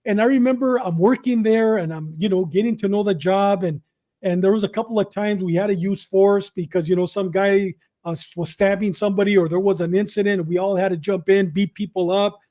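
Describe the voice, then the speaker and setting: The speaker is a middle-aged, high-voiced man from Southern California, a podcast guest narrating his own story. He's an animated storyteller who races through repetitive retellings and acts out quotes.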